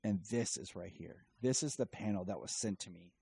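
Brief: casual male comic reviewer, deep, mellow, slightly breathy. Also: normal speed, dry recording, poor audio. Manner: rambling, filler-heavy retelling. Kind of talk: casual chat.

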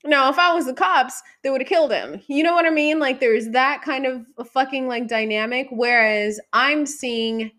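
A woman telling stories in a frank, profane, casual monologue, jumping between loud outbursts and quiet, trailing asides. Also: high voice, moderate pace, hardly any pauses. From San Diego area.

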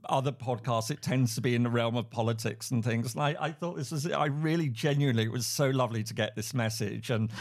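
A man's voice: mid-range voice, darkish tone. Chatty English man, guest on a podcast. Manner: halting, many restarts, laughs often. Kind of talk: casual interview talk. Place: at home, remote.

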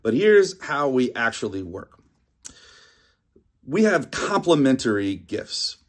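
A middle-aged man preaching a sermon, animated and emphatic, often repeating lines for effect. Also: medium pitch, takes it slowly. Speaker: pastor.

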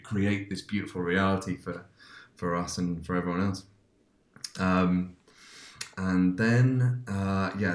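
A man hosting a podcast, casually telling a dream in a rambling way with many restarts and fillers. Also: low-pitched. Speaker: podcast host. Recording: roomy echo.

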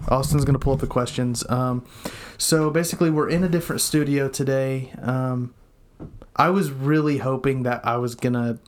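Recorded in a room at home, a young man co-hosts a podcast, rambling through a casual chat with lots of ums and restarts. He has a steady, mid-range voice and a moderate pace.

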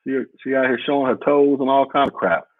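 A man's voice: medium pitch, fast talker. A man hosting a podcast as a casual livestream, reading out viewer comments in a rambling, blunt and profane way. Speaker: podcast host. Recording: muffled phone-like audio.

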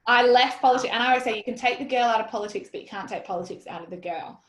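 An Australian woman in her thirties telling a story in an interview, animated and blunt, quoting herself and swearing freely. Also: on the high side, racing. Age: 30s. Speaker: guest. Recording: roomy echoey sound.

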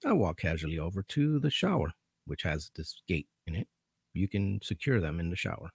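A man's voice: deep voice, animated, moderate pace, creaky, slightly rough, no room sound, studio quality. A man telling a story about his work as a corrections officer in a casual, profane, dryly amused way.

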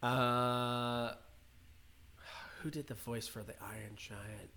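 A man co-hosting a casual podcast, guessing songs, animated and incredulous, laughing often. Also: mid-range voice, takes it slowly, slight background noise. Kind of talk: casual chat. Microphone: headphones and microphone.

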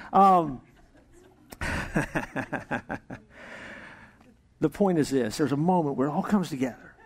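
A male pastor delivers a sermon in a middle-pitched voice, turning storyteller as he acts out the characters in a joke. His tone jumps between a loud, high register and a quiet, low one as the story moves. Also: vocal fry, slightly rough. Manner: animated storytelling, jokes and acted-out voices. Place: church service with congregation.

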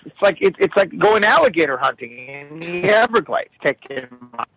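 Lively, high-pitched exasperated man. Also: moderate pace, slightly rough, dry recording, faint music behind, rough recording. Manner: animated, profane, exasperated rants. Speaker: guest telling stories about his daughter. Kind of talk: comedic casual storytelling.

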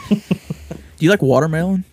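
A man's voice: fairly high pitch, fairly quick, darkish tone, slight background noise. A man co-hosting a casual podcast, talking in a laid-back, matter-of-fact way. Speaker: podcast co-host. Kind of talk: casual chat among friends.

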